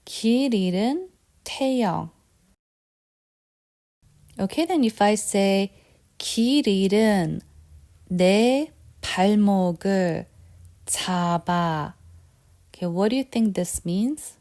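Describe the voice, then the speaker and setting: Mellow-voiced woman teaching vocabulary. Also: mid-range voice, animated, normal speed, long pauses. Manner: patient and repetitive, asks quiz questions. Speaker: Korean language teacher. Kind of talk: lesson.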